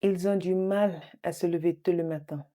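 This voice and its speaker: A woman teaching French phrases in an online lesson, repeating each phrase slowly and adding chatty asides. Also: fairly low pitch, steady tone, warm tone.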